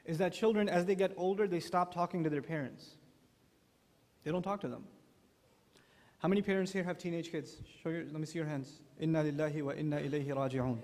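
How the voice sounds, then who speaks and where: A man preaching to an audience of parents in a large hall, in an animated, humorous sermon style that acts out quotes. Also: high-pitched. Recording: echoey hall.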